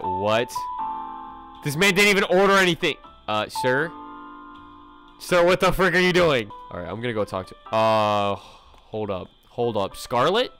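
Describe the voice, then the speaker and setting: A young man streaming a horror game, reacting in jumpy, panicky bursts and reading the dialogue aloud. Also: on the low side. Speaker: gaming streamer. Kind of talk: gameplay commentary.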